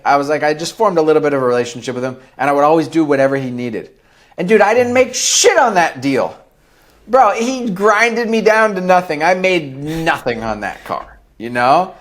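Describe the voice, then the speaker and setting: A man's voice: fairly high pitch, lively intonation, moderate pace. A man in his thirties, a podcast guest telling candid stories in a blunt, profane way. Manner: blunt and profane, acts out quoted dialogue. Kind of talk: candid storytelling interview.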